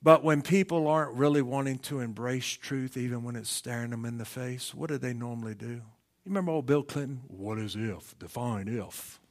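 A middle-aged man preaching a sermon, asking rhetorical questions, swinging from shouted climaxes down to hushed near-whispers. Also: mid-range voice, moderate pace. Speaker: pastor.

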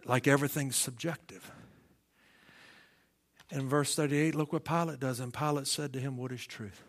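Preaching with a medium-pitched voice, this middle-aged pastor poses rhetorical questions and shifts from hushed, almost whispered passages up to shouted peaks.

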